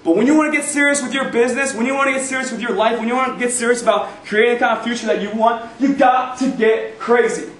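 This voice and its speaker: A young man giving an energetic, emphatic motivational talk as a guest speaker at a university event, often repeating phrases for effect. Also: very high-pitched, fast, few pauses. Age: young adult. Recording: echoey room, recorded from far off.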